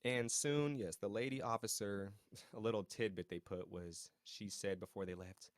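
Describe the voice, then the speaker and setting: A man's fairly low voice walks through a TV episode in a loose, chatty recap, full of slang and side remarks to his viewers. He chuckles here and there as he reacts. The sound is dry and close, with no room echo. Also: steady tone, normal speed. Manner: chuckles now and then while talking. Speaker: TV recap host.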